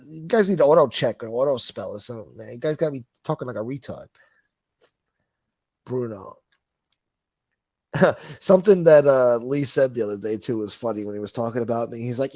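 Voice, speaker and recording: A man hosts a livestream in a mid-range, slightly mellow voice recorded without echo. He goes through viewer comments in casual, wandering chatter, swearing frequently and laughing.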